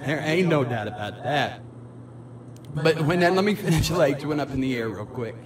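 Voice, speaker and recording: Man, stammering, emotional, slightly high, distant, crowd noise behind. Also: lively intonation, moderate pace. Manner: rambling, stammering, laughing often. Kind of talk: emotional personal conversation.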